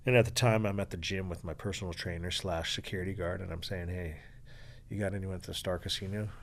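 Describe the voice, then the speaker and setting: A man with a deep, low-pitched voice and a gravelly edge tells his story as a podcast guest. He talks in an animated, headlong way, curses freely, and slips into the voices of the people he is quoting. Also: slight background noise. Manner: swearing freely, acting out quoted voices; animated, rushing through a story. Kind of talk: storytelling in an interview.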